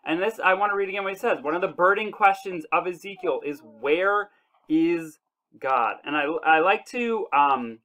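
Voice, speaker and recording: A young man leading an online church devotional, talking in a casual, earnest way and slowing down to stress his points. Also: high-pitched, pushed and bright, rough recording. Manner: earnest, conversational, with restarts and slow emphasis. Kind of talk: casual online Bible lesson.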